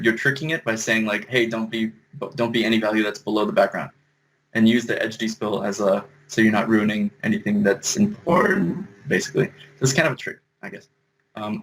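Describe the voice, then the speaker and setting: A man's voice: lowish voice, fairly bright tone, slight background noise, poor audio. A man giving a casual screen-share compositing tutorial, thinking aloud as he explains each step. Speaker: compositing instructor.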